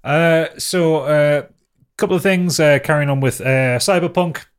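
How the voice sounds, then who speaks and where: A man's voice: a little high, unhurried, clean tone. A man co-hosting a podcast in casual chat, rambling with lots of fillers and casual swearing. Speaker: podcast co-host.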